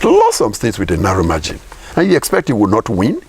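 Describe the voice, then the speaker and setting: A man's voice: medium pitch, huge pitch swings, a little fast, a little hiss or hum. A Nigerian man, a professor, giving emphatic political commentary in an interview, repeating points and asking rhetorical questions.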